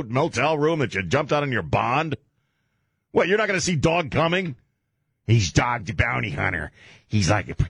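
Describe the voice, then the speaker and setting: Husky man riffing on talk radio. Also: mid-range voice, fairly bright tone, dry recording, studio quality. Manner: riffing, mocking impressions. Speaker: radio host. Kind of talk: comedic talk radio banter.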